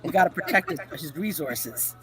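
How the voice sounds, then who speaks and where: A woman hosting a live video-call chat, excitable and teasing as she jokes with her guests. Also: fairly low pitch, moderate pace, over music, low-quality recording. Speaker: live show host. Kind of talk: casual group chat on a live stream.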